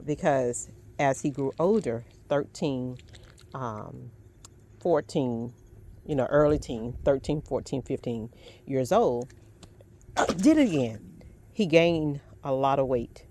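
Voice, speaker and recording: Low-voiced chatty Southern woman. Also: darkish tone, a little hiss or hum. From Southern United States. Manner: chatty, rambling, laughs often. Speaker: fishing vlogger. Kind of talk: casual storytelling while fishing. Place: outdoors by the water.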